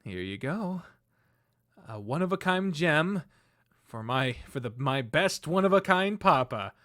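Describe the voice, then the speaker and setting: A man's voice: a little high, big pitch swings, measured pace, bright, forceful tone, no echo, studio quality, voice pushed up, full character voice. A man voicing a shy, earnest young son who stammers. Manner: hesitant, stammering.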